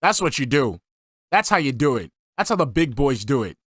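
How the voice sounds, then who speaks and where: A man's voice: mid-range voice, big pitch swings, normal speed, a bit bright, husky, no echo, studio quality. A man giving a profane, exasperated reaction commentary as a streamer.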